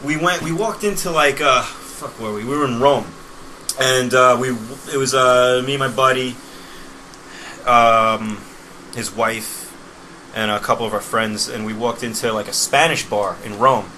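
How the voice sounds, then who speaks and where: A man's voice: mid-range voice, unhurried, bright, forceful tone, slight background noise, rough recording. A man chatting casually as a podcast guest, telling loose, laugh-filled stories about his travels. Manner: laughing, rambling storyteller. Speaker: guest, sign maker. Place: podcast studio.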